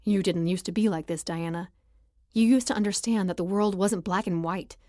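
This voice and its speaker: A woman voicing a smooth, coaxing ex-boyfriend. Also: medium pitch, moderate pace, darkish tone, no room sound, studio quality, close to an everyday voice. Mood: reproachful. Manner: coaxing, self-justifying. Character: smooth-talking young man, cheating ex-boyfriend.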